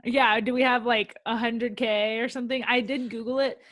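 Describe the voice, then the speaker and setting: A woman's voice: a little high, fairly even intonation, a bit bright, dry recording. Chatty young-sounding podcast woman, dry mic. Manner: chatty, quick, lots of "like". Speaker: podcast co-host. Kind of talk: casual chat about reality TV.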